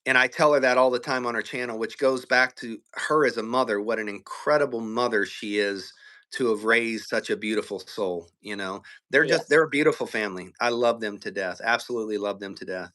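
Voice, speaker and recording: A man from the American South with a Southern accent, co-hosting a casual livestream and telling profane, animated stories. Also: mid-range voice, brisk. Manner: storytelling, profane, with quoted impressions of his partner.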